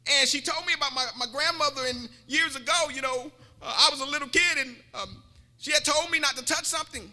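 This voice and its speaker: Brief: male preacher, very high bright voice, playful call-and-response sermon, echoing church hall. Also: fairly quick. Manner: joking, repetitive, calls out to the congregation.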